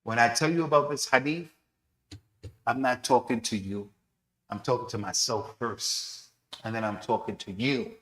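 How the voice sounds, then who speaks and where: A man's voice: mid-range voice, fairly even intonation, normal speed, a bit bright. A man teaching a mosque lesson in sermon style, telling a story with animation and acting out the voices of the people in it. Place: mosque prayer hall. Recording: echoey mosque hall.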